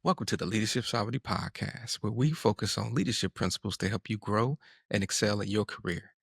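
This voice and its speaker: A man's voice: lowish voice, fast talker, vocal fry, breathy edge, no room sound, clean studio sound. A man hosting a podcast, reading a scripted show introduction. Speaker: podcast host.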